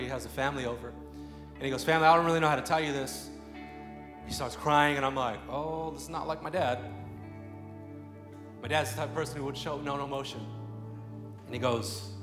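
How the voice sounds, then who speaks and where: A man in his thirties preaching a sermon, moving between quiet personal storytelling and loud, fervent prayer. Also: medium pitch. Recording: echoey room with faint music.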